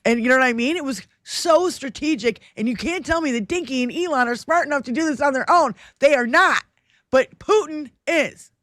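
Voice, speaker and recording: A woman's voice: high voice, fairly quick, fairly bright tone, no room sound, studio quality. A woman co-hosting a livestream, ranting about politics in heated, profane casual chat. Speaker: livestream co-host.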